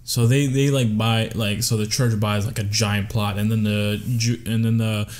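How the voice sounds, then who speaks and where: A man's voice: on the low side, level tone, normal speed, a little mellow. A man co-hosting a casual podcast, reacting with disbelief and laughing along. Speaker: podcast co-host.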